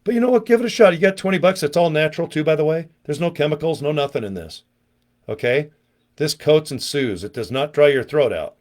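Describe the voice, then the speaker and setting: A middle-aged man giving a casual, pushy sales pitch to camera outdoors, talking folksy and checking in with "okay?" and "guys". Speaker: online business vlogger. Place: outdoors, windy.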